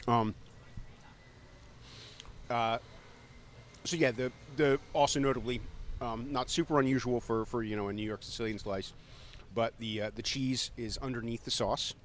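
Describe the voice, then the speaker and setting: A man co-hosts a relaxed food podcast in a restaurant, talking with his mouth full. He speaks at an ordinary pitch, pausing often with ums and restarts as he thinks aloud. Faint background noise sits under his voice. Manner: hesitant, filler-heavy, thoughtful, talks while eating. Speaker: podcast co-host. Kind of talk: casual food podcast chat.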